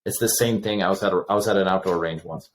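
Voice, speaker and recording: A man's voice: low voice, fast, a little hiss or hum. A man in his thirties, a podcast guest, casually telling stories and acting out the exchanges with lots of restarts. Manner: animated, acts out quoted exchanges, many restarts. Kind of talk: casual storytelling.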